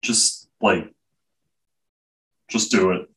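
A man with a very deep voice co-hosting a comic book podcast. He talks slowly in a laid-back way, pausing often on fillers. He sounds a bit distant from the mic. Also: fairly even intonation, fairly bright tone. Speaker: podcast co-host. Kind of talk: casual chat reviewing comics.

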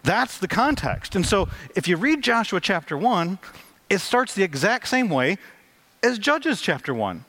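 A man's voice: high voice, big pitch swings, unhurried, a bit bright. A male pastor preaching a conversational sermon, acting out quotes with lots of energy.

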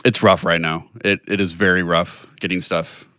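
A man co-hosting a podcast in casual chat, quick and joking in his banter. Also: low voice, little pitch movement, bright, forceful tone, no echo, studio quality. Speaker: podcast co-host.

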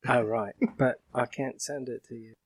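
A man co-hosts a podcast, answering in brief, dry remarks. His voice is husky and slightly rough. The recording is close and dry. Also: mid-range voice, fairly even intonation, normal speed, dry recording. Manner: terse, dry replies. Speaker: podcast co-host. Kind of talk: casual chat.

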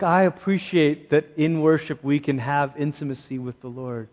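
A man delivering a sermon with a fairly high voice, moving between quick, lively asides and soft, hushed emphasis. His voice rings out with a long reverb, as if he is in a large hall. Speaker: preacher.

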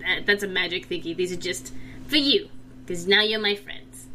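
A woman's voice: fairly low pitch, normal speed, bright, forceful tone, a little hiss or hum, poor audio. A woman voicing a friendly, goofy male goblin who rambles and fumbles through his lines. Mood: cheerful. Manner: rambling, chatty, fumbling with note cards.

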